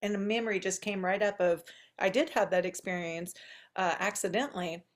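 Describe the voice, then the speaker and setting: A woman's voice: medium pitch, fairly even intonation, fairly quick. A woman hosting a podcast, telling a childhood story in casual chat, chatty and given to laughing and trailing asides. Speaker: podcast host.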